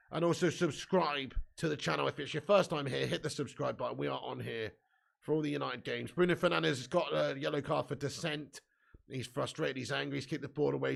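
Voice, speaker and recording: A man's voice: fairly high pitch, gravelly. A young man hosting a live football watch-along, reading out viewer comments and ranting bluntly about his team's heavy loss. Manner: blunt, sweary, frustrated fan banter.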